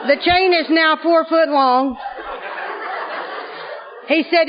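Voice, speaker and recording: Lady telling a funny story at a conference, high voice, kinda muffled lo-fi tape. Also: takes it slowly, pauses often, crowd noise, noisy background. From Arkansas. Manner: lively comic delivery, often laughing. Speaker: speaker at a recovery conference. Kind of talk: humorous storytelling to an audience.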